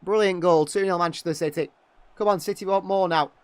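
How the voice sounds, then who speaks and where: A young man giving partisan live fan commentary on a match, excitable and quick to criticise players. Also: sits high, clean tone, no echo. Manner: excitable, exclaiming at big moments, critical of players.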